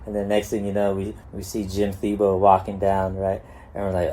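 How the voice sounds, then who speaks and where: A man's voice: deep voice, monotone, normal speed, dark tone, slight background noise. A middle-aged man from California, a guest telling laid-back stories, swearing freely and laughing as he goes. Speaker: guest, pro skateboarder. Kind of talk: casual storytelling.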